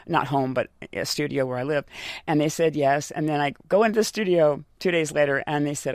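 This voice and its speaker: Dry-voiced woman telling lively studio stories. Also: low voice, moderate pace, no room sound. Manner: lively anecdotal storytelling with laughs. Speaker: voice actor guest. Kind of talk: casual interview chat.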